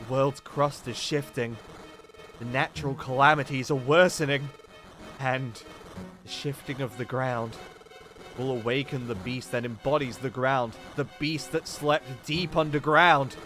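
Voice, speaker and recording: A wise psychic leader explains with quiet authority, read by a man in close to his own voice. The tone is bright and steady, a game hero's captain laying out the danger ahead. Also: mid-range voice, measured pace, faint music behind, close to an everyday voice. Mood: urgent.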